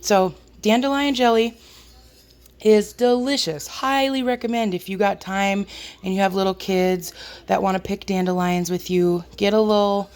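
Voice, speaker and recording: In her home kitchen, a woman who vlogs about homesteading talks casually as she works, poking fun at herself. Her voice is squeaky yet a little mellow, with fairly even intonation at a moderate pace.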